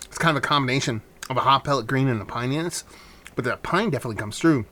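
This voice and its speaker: A man rambling through a beer review in a loose, offhand way, at an ordinary mid pitch. He swears freely and wanders into asides as he talks. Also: rapid-fire, sharp tone. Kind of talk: casual beer review vlog.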